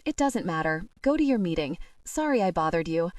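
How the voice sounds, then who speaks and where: A woman's voice: lowish voice, very animated, brisk, darkish tone, dry recording, distant mic. A woman voicing a panicked teenage younger sister with a small, quivering, pleading voice. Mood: deflated.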